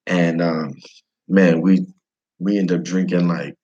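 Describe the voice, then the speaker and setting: Deep-voiced slangy American man telling stories. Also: fairly even intonation, slow, darkish tone, highs cut off. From United States. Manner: slangy, profane, rambling. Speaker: travel storyteller. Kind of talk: casual storytelling.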